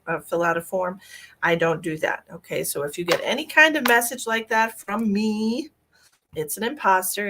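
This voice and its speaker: A woman's voice: lowish voice, pushed and bright. A woman, a psychic medium, chatting casually on her live stream, greeting viewers by name and rambling through small talk.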